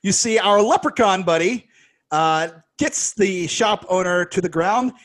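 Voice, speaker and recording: A high-pitched man talks through a movie's plot in a casual podcast chat. His delivery is animated and wry, with laughs slipping in and sarcastic asides. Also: a little slow. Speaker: podcast co-host.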